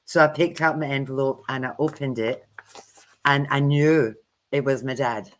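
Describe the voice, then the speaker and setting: Low-voiced candid woman. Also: fairly even intonation, normal speed, a little hiss or hum. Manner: candid, self-deprecating, chatty. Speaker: tarot reader co-host. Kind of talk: livestream teaching chat.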